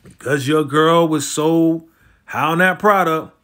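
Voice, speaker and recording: A man casually recapping a TV episode, animated and slangy, jumping into the characters' lines as he retells scenes. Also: fairly high pitch, unhurried. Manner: slangy, conversational, lots of "you know" and "right?". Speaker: TV recap host.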